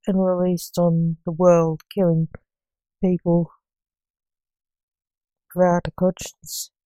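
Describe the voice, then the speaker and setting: A woman narrating a story she reads aloud in a plain, unhurried way. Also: on the low side, dark tone, smooth, dry recording, rough recording.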